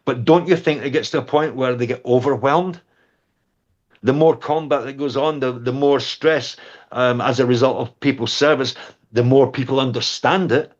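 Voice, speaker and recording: A man's voice: medium pitch, normal speed, muffled recording. A man in his sixties, a war veteran guest close to tears, speaking with passion about lost comrades. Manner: impassioned, choked up, dwelling on lost comrades. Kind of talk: emotional interview.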